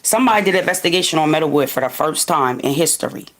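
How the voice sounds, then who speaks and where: A woman's voice: sits low, expressive, very fast. Lady from wilmington going off on her livestream, swearing a lot, talking right at the viewers. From Wilmington, Delaware. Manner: profane, ranting, addresses viewers directly. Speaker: livestream host. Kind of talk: unscripted livestream monologue.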